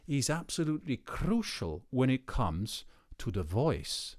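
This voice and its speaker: A man speaking as a voice coach in a thoughtful, emphatic talk to camera. His pitch rises and falls in a lively way, and he shifts between slow, weighty phrases and quicker stretches. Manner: reflective, emphatic, with varied pace and pauses.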